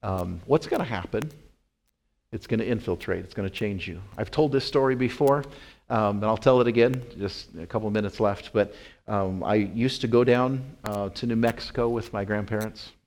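A man's voice: on the low side, moderate pace, a little mellow. A middle-aged man from Wyoming preaching a sermon, earnest, with fillers and emphatic rising peaks. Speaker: pastor.

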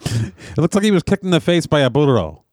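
A man trading deadpan wisecracks as a podcast co-host, in loose, tipsy banter. His pitch swings widely, and the recording is dry and close. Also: brisk, dry recording. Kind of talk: casual drunken banter.

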